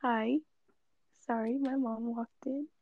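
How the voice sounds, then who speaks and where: A woman's voice: on the high side, steady tone, phone-quality sound. A teenage girl co-hosting a podcast, chatting casually, laughing often and speaking hesitantly. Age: teens. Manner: laughs a lot, slow and hesitant. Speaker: podcast co-host. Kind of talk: casual chat.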